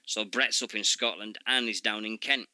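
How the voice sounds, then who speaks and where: A man hosting a casual radio show, reading event listings in a halting way full of fillers and asides. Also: on the low side, fairly even intonation, sharp tone, no room sound.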